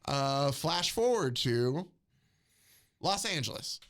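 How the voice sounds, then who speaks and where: A man's voice: a little high, big pitch swings, takes it slowly, a bit bright. A man in a casual podcast chat, retelling a comic scene by scene and quoting the characters' lines, while his voice is wearing out. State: losing his voice. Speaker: podcast host recapping a comic.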